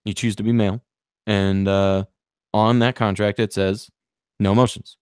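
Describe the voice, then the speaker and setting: A man co-hosting a podcast, talking in an animated, profane, excitable way. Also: fairly low pitch, moderate pace, smooth, dry recording, clean studio sound. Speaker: podcast co-host. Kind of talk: casual chat.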